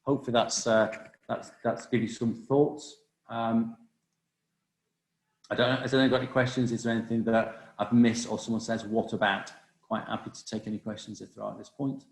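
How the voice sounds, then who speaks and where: A man presenting a webinar over a video call, talking quickly with many restarts and fillers. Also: medium pitch, flat delivery, echoey room. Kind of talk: live webinar talk on cybersecurity.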